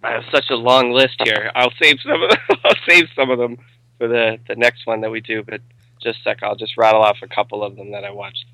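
A man's voice: fairly low pitch, fairly even intonation, fairly quick, bright, forceful tone, no room sound, poor audio. A young man chats about films on a podcast with friends. He rambles, swears casually and laughs easily. His voice sits close and dry. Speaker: podcast co-host. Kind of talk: casual movie discussion.

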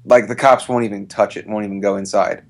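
A man's voice: on the low side, fairly even intonation, fast, darkish tone. A man co-hosts a casual movie podcast with friends. He jokes wryly and laughs a lot. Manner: joking, wry, laughs a lot. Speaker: podcast co-host.

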